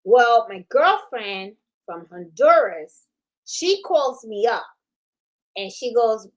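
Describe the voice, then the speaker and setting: A woman's voice: a little high, sing-song, takes it slowly, rough recording. A middle-aged woman hosting a crafts channel, chatting casually on a live stream and rambling with lots of "you know" and "okay?". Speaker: host of a sewing and embroidery channel.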